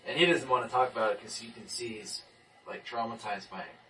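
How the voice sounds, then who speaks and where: Animated young man, bright distant voice. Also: medium pitch, quick pace. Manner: animated storyteller, restarts and repeats. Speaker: person giving a testimony. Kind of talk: casual testimony in a group talk. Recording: distant mic.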